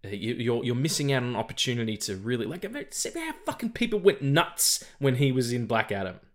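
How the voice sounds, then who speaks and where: A man's voice: mid-range voice, lively intonation, brisk. An Australian man co-hosting a podcast in casual chat, rambling and swearing, often repeating words as he stumbles. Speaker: podcast co-host.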